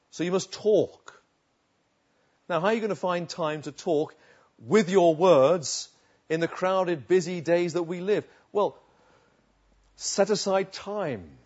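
Preaching outdoors, an earnest man delivers a sermon in a husky, slightly high, a little mellow voice with wide ups and downs in pitch. His emphatic style leans on repeated phrases, and the recording sounds somewhat dull and lo-fi.

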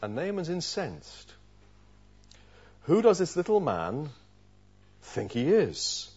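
A man preaches a sermon with a lot of expression. His pitch swings widely as he acts out the characters, and the recording sounds dull and lo-fi. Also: slow, slightly rough. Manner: expressive, acts out the voices of the story.

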